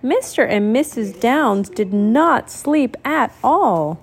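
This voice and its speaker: A woman reading a picture book aloud, expressive and doing sound effects while explaining to a child. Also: on the high side, takes it slowly, few pauses. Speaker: storybook reader.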